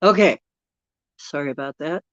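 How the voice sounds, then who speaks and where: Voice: mid-range voice, normal speed, fairly bright tone, no room sound. A live-stream host with allergies, chatting casually with viewers, rambling and chuckling while thinking aloud. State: dealing with allergies. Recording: dull, dry lo-fi sound.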